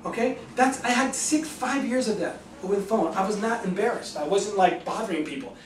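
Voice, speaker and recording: A man giving a lively sales seminar talk to an audience, acting out phone calls with enthusiasm. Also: high-pitched, brisk, slight background noise. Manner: enthusiastic, animated, acts out both sides of calls. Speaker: real estate agent giving a sales talk. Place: meeting room in front of an audience. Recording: echoey room, mic from a distance.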